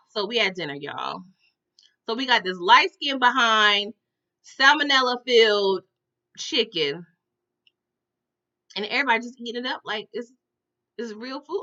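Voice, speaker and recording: High, lively woman chatting to viewers. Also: moderate pace, lo-fi sound. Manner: chatty, addresses viewers as "y'all", exaggerated reactions. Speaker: episode recap host. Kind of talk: casual storytelling recap.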